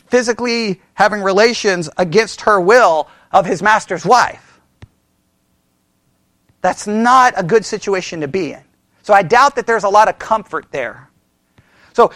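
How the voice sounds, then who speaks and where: A man's voice: sits high, fairly bright tone, no room sound. A man preaching as a pastor, in a conversational way, quizzing his listeners with questions and often restarting his sentences. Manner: frequent self-corrections and restarts. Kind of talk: sermon.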